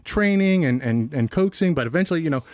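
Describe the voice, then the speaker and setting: A man's voice: fairly high pitch, expressive, quick pace, a little mellow, slight background noise, close to an everyday voice. A man doing an eager bartender. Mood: boastful. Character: man bartender showing off a trick.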